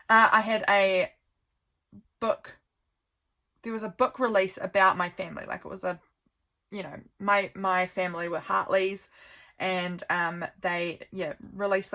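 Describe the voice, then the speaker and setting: A woman's voice: mid-range voice, gravelly, sharp tone. A woman, casually chatting and rambling as she flips through her calendar, with lots of ums. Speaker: vlogger.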